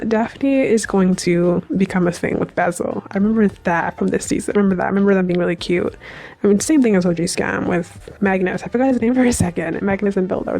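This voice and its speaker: A woman's voice: mid-range voice, vocal fry, darkish tone. A young woman vlogger giving a chatty, opinionated review of a TV episode, rambling with fillers. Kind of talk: casual reaction review.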